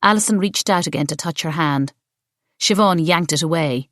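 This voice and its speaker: Woman narrator, audiobook, lowish voice, dry close sound, steady. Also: normal speed, no room sound. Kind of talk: scripted narration.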